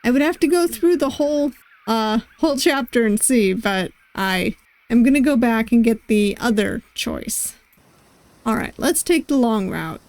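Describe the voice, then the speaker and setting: A woman's voice: a little high, expressive, a little slow, a little mellow, no echo. A woman streamer chatting casually while playing a romance game, giggly and self-deprecating, talking close into a desk mic. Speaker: gaming streamer. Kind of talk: casual let's-play commentary.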